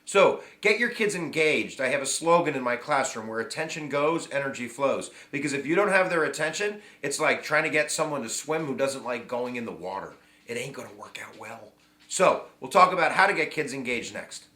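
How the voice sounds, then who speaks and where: A man's voice: mid-range voice, a little fast, hardly any pauses. Middle-aged male host, upbeat casual lecture, lots of ums, roomy sound. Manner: chatty, energetic, full of fillers and asides. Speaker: history teacher and video host. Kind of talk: casual video lesson to camera. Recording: echoey room.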